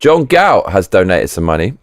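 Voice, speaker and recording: A man's voice: low voice, very animated, moderate pace, dry recording, clean studio sound. A man hosting a live chat stream, rambling and swearing freely with lots of restarts. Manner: rambling and profane, with many restarts. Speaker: livestream host.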